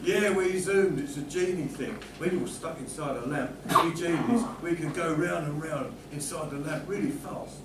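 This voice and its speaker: A man's voice: on the high side, moderate pace, few pauses. A man playing a bumbling, indignant genie in an amateur panto comedy. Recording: echoey room, far from mic, noisy.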